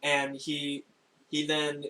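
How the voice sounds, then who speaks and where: A young man narrating a tabletop game as game master, in a casual, halting way with frequent laughs. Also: fairly high pitch, completely flat delivery, bright, forceful tone, a little hiss or hum, poor audio. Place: home room, recorded for a stream.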